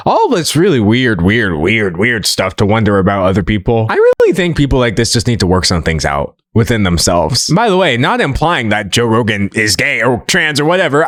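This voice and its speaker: Sarcastic young man, lively voice. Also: lowish voice, no room sound, clean studio sound. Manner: sarcastic, mocking, exasperated. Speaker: commentary video host. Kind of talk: sarcastic commentary vlog.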